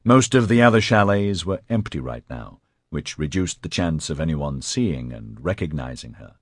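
A man reading fiction as an audiobook narrator, with an expressive, dramatic storytelling manner. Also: very deep voice, normal speed, slightly rough, dry recording, studio quality. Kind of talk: scripted narration.

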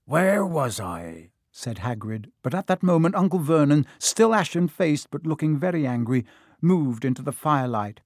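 A man's voice: fairly high pitch, lively intonation, moderate pace, a little mellow, no room sound, studio quality. A man narrating a storybook aloud, reading expressively and switching between character voices.

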